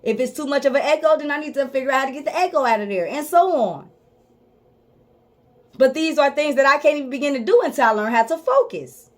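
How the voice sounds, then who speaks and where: Female life coach, high-pitched, emphatic motivational delivery, repetitive and informal. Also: expressive, quick pace. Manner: emphatic and repetitive, drives points home; speaks directly to viewers, informal. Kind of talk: motivational talk to camera.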